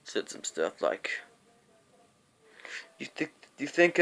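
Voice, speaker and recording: A man's voice: medium pitch, big pitch swings, a little slow, vocal fry, long pauses, a bit bright. A young man telling a rambling, profane storytime vlog, acting out quotes and sometimes dropping into a whisper. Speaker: vlogger.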